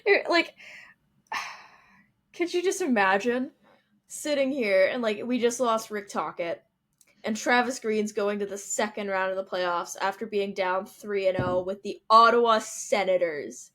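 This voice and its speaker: A woman's voice: medium pitch, measured pace, a bit bright. A young adult woman co-hosting a casual sports podcast, joking and ranting with frequent laughter. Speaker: podcast co-host.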